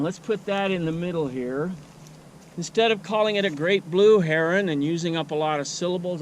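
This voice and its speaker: A male nature educator giving an unhurried outdoor teaching demonstration, thinking aloud with many fillers. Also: high voice, slight background noise. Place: outdoors at a wildlife refuge.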